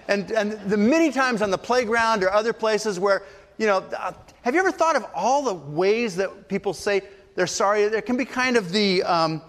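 A man's voice: high voice, a bit bright, long reverb tail. An older man preaching a sermon, telling family stories and acting out the voices of people in them. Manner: storytelling, acts out voices in quotes. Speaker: pastor.

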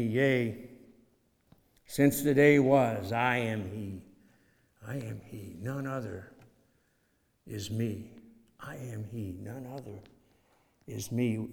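A man's voice: medium pitch, creaky, a little mellow. A man preaching an expository sermon, reading scripture aloud and repeating phrases for emphasis. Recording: long hall reverb.

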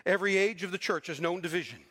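A man preaching a sermon with animated delivery, acting out the people he quotes. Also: high voice, fast talker, in a large hall. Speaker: pastor.

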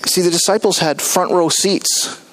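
A pastor preaching a sermon, telling the story with animated delivery and acting out the characters. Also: male voice, sits high, normal speed, low-quality recording.

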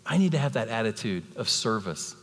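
A man's voice: lowish voice, a little fast, breathy edge. A man in his fifties preaching a sermon as a guest speaker, telling stories and acting out voices. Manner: animated storytelling with acted-out voices. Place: church sanctuary. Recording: long hall reverb.

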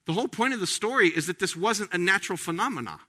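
A pastor preaching a sermon in an earnest, conversational way, slowing down to stress key phrases. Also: male voice, high voice, animated, sharp tone.

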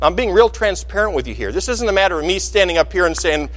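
A man preaching a sermon in a church sanctuary, his voice sitting high for a man. He tells the story with animation and acts out the voices he quotes. A long reverb from the hall hangs behind every phrase. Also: lively intonation, quick pace, few pauses, fairly bright tone. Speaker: pastor.

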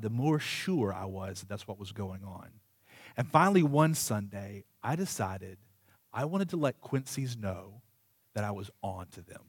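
A man's voice: on the high side, a bit bright, dry recording, clean studio sound. Humorous storytelling pastor, a man. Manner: humorous, self-deprecating storyteller; conversational, rambling asides. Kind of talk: sermon with a personal anecdote.

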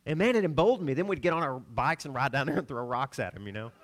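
Preaching in an expressive, medium-pitched voice at a fast clip, this middle-aged Southern pastor tells stories punctuated by laughs. His volume jumps suddenly from booming to quiet.

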